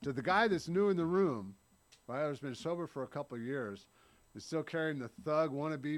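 A man in his thirties with a slightly high voice gives an earnest, blunt personal recovery share at a meeting. He often ends his lines with "right?" and swears now and then.

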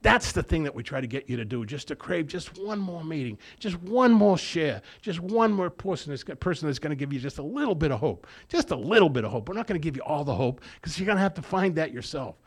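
Gravelly older man telling a story. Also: a little high, big pitch swings, quick pace, hardly any pauses. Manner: storytelling, acts out dialogue, repeats phrases. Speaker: AA speaker. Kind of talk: speaker share at a recovery meeting.

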